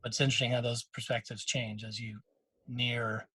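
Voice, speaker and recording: A middle-aged man co-hosting a podcast, telling a moving personal story in casual chat, with frequent restarts and quick quoted lines from others. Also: mid-range voice, little pitch movement, bright, forceful tone, slightly rough. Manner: emotional storytelling with many restarts; quotes others in short bursts. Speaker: podcast co-host.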